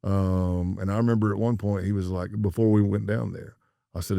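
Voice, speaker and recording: Deep gravelly-voiced man telling a story. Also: fairly quick, no room sound, clean studio sound. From United States. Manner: animated storyteller acting out quoted dialogue. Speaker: former undercover FBI agent, podcast guest. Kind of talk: storytelling in a podcast interview.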